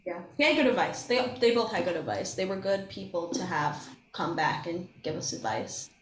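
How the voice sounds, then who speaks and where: A woman's voice: on the low side, moderate pace, slight background noise. A young woman, a singing contestant, chatting casually as a podcast guest and acting out what people said, with plenty of laughs. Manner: animated storytelling, acts out quotes, laughs often. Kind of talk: casual chat. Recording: roomy echo.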